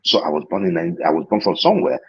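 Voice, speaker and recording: A man's voice: low voice, very animated, fast, highs cut off, slight background noise. A man with a Nigerian accent, calling into a talk show and making his point emphatically, repeating himself and restarting his sentences. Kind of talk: heated call-in debate.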